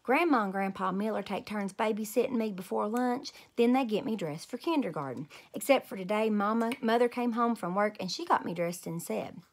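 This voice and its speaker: A woman in her thirties reads a children's chapter book aloud as a teacher would. Her voice sits in a middle pitch, and her storytelling is clear and expressive. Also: brisk, hardly any pauses. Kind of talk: children's read-aloud narration.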